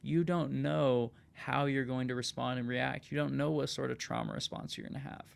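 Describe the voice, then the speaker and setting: A man hosting a laid-back podcast, talking with plenty of emphasis. He keeps dropping "dude" and "man" into his sentences, and his voice has a gravelly, fry-laden edge. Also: mid-range voice, steady tone, moderate pace. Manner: emphatic, peppers talk with "dude", "man" and "right?". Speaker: podcast host. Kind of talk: casual podcast conversation.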